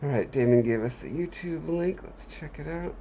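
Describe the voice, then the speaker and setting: A man's voice: on the high side, moderate pace, gravelly, dark tone, muffled recording, slight background noise. Wry, joking male streamer. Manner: joking, wry, talks to chat viewers. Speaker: livestream host, artist. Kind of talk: casual chat on a livestream.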